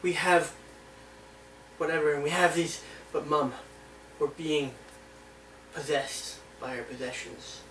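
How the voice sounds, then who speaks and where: A man's voice: on the high side, takes it slowly, pauses often, fairly bright tone. A man bantering playfully with his mother at home, rambling from one joke to the next. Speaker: son in a family vlog. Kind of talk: casual family banter. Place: home kitchen. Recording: echoey room, distant voice, faint hum.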